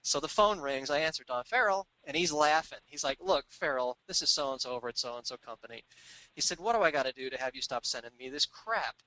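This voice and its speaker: A man telling a sales anecdote in an animated, conversational way, acting out the people he quotes. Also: medium pitch, fairly quick, poor audio. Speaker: sales trainer telling a story. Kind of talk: storytelling business talk.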